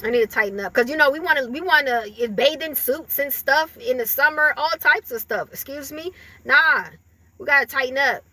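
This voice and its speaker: A woman's voice: sits high, fairly quick, bright, forceful tone, no room sound. A woman giving a casual spiritual reading to her viewers, talking in a loose, rambling way full of fillers and laughter. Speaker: spiritual reader.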